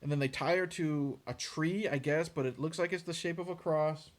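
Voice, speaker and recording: A man with a slightly high voice, talking fast and loose in a casual movie rant. He is sarcastic and exasperated, swears freely and mocks what he watched. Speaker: movie reviewer.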